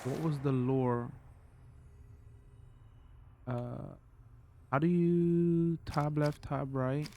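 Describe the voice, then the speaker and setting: A man's voice: fairly high pitch, fairly even intonation, extremely slow, pauses often, warm tone, slight background noise. A man streaming a video game, thinking aloud and reading game text in casual commentary.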